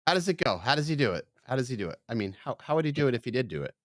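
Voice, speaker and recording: Rowdy tipsy man streaming, animated pitch. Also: rapid-fire, no echo, clean studio sound. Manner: rowdy, swearing, laughing loudly. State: tipsy from drinking beer. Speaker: streamer, channel host. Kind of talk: casual live-stream chat.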